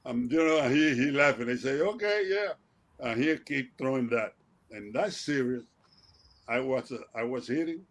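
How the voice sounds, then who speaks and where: Older man, animated laughing storyteller. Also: mid-range voice, normal speed. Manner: animated, laughing, acts out remembered exchanges with raised voice. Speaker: guest, retired baseball player. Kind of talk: casual storytelling on a talk show.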